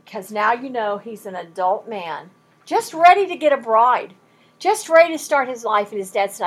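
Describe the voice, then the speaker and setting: A woman teaching verse by verse through a Bible passage, emphatic and animated, acting out quoted lines. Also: on the high side, normal speed, husky.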